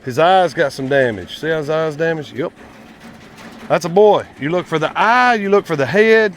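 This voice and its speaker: A man's voice: a little high, expressive, normal speed, slight background noise. A man, chatting casually to viewers in a vlog while working outdoors at his quail pens, folksy and talkative. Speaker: quail farmer and channel host.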